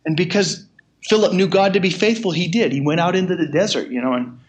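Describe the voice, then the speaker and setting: An older man preaching a sermon, reading scripture aloud in measured tones and then retelling it casually with chuckles. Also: high voice. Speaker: pastor.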